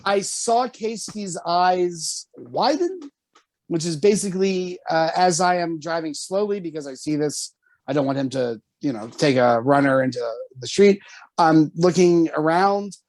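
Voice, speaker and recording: A man telling a story on a casual podcast, animated and swearing often, jumping high when quoting himself. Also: measured pace, dry recording. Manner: animated, swears often, jumps to high pitch for quoted lines. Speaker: podcast co-host.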